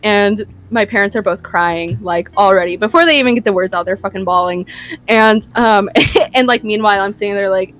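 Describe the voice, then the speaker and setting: A woman's voice: medium pitch, steady tone, fairly quick, fairly bright tone. A young woman hosting a podcast, telling a story in casual chat with profane, laughing asides. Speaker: podcast host.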